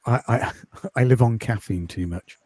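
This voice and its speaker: A man from the UK, a podcast host and course creator, chatting in a quiet, calming voice with many ums in a casual interview over a video call. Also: mid-range voice, moderate pace, dry recording. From United Kingdom.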